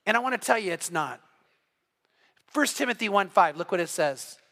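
High, bright-voiced male pastor preaching. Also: moderate pace. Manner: animated storytelling, acting out quoted voices. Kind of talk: sermon. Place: church sanctuary.

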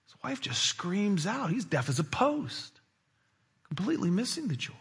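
A man delivers a sermon with a high, bright voice that has a husky edge. He is animated, driving some points hard and dropping others to a hushed aside. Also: normal speed. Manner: animated, swinging between loud emphasis and hushed asides. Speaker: pastor.

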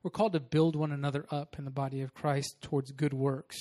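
A man, a young adult pastor, preaching a sermon in a casual, animated storytelling way. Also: medium pitch, fairly quick.

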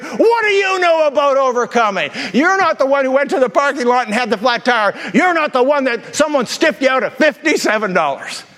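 Male preacher doing an indignant waitress: high, shouty complaint, long hall echo. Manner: indignant scolding, raised voice. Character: angry young waitress woman ranting at her pastor.

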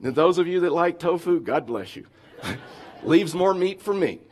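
Animated man preaching a sermon. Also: fairly high pitch, unhurried, some chatter behind. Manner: animated, acts out whiny complaining voices. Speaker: pastor.

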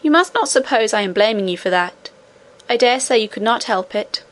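A woman reading the part of an ancient, wise great-great-grandmother who speaks calmly and tenderly. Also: fairly high pitch, a little fast, close to an everyday voice. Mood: gentle. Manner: calm, tender, gently admonishing.

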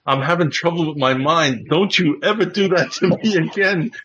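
A man doing a panicked pleading guy, pitched way up, insistent, dull lo-fi sound. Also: steady tone, moderate pace, a bit bright, slight background noise, close to an everyday voice. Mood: pleading, rattled. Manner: high, insistent, begging.

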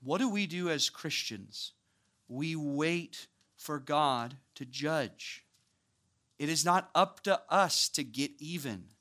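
Bright, animated male preacher. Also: a little high, takes it slowly. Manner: animated, acts out voices of biblical figures with casual asides. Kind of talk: sermon.

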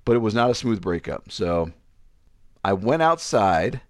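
A man's voice: lowish voice, sing-song, a little slow, dry recording, clean studio sound. A man hosting a podcast, telling a personal story in casual chat, self-mocking and laughing often. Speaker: podcast host.

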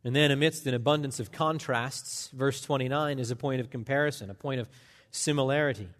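A man preaching a sermon as a pastor, emphatic and impassioned, with dramatic pauses. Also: medium pitch, steady tone, long reverb tail. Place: large church sanctuary.

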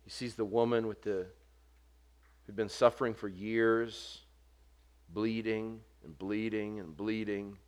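A man preaching a sermon, earnest, building to forceful emphasis and dropping soft on quoted words. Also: on the low side, steady tone, slow pace, clear, resonant tone. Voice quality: short stature mentioned, not vocal.

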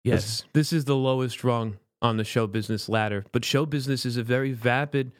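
A man's voice: mid-range voice, fairly quick, no room sound, studio quality. Wry man hosting a podcast. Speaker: podcast host. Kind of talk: casual podcast conversation.

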